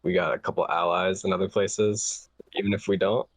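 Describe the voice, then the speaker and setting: A man's voice: low voice, little pitch movement, brisk, dry recording. A man chatting as a player in a tabletop game, with a dry, sarcastic manner. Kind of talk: casual chat at a tabletop game.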